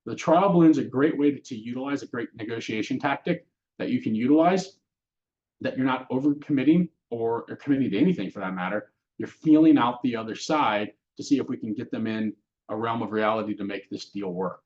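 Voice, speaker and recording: A man with a mid-range, slightly mellow voice teaches a real estate course at a brisk clip, keeping the classroom lecture casual and conversational. He often puts questions to his audience. The recording is muffled.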